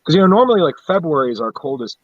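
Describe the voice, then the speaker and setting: A man's voice: on the high side, sing-song, racing, dry recording, lo-fi sound. A man from central upstate New York, chatting casually and rambling, swearing a lot and laughing at his own stories. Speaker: guest on a live stream. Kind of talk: casual chat.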